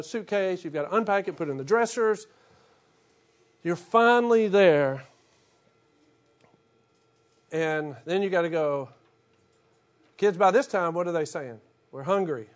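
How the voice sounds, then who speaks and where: High-voiced pastor, joking sermon. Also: male voice. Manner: humorous, animated storytelling with acted-out asides. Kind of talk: conversational sermon.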